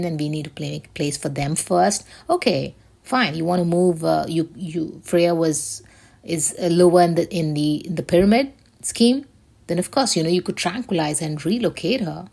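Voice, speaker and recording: A woman's voice: fairly low pitch, vocal fry, dark tone, slightly rough. A woman hosting her own show, talking in a rambling, emphatic way with plenty of swearing. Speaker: show host. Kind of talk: casual solo commentary.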